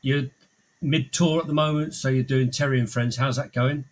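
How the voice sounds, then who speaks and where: Relaxed male podcast host. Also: medium pitch, moderate pace, a little hiss or hum. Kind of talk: casual interview.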